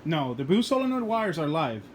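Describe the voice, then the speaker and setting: A joking man talks casually to camera from his home garage, laughing often and swearing. His voice sits on the higher side, with a faint hum of noise underneath. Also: big pitch swings, fairly quick. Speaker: car channel host.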